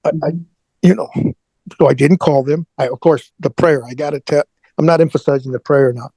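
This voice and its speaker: Gravelly, husky-voiced man telling a story. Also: fairly high pitch, fairly even intonation, warm tone, no echo, rough recording. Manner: halting, repeats words, prays aloud in retelling. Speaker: interview guest. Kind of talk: emotional personal storytelling.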